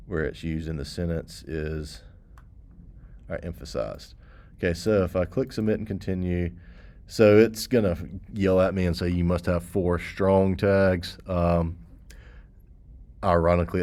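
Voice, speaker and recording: Low-voiced man teaching code. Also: warm tone. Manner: casual, talks through steps with frequent "okay" and "all right". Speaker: computer science teacher. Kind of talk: screen-recorded coding tutorial.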